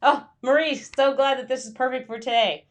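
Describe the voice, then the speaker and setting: A woman's voice: high voice, moderate pace. A woman hosting a casual live stream for freelance writers, chatty and full of fillers, greeting viewers by name and acting out her inner voice.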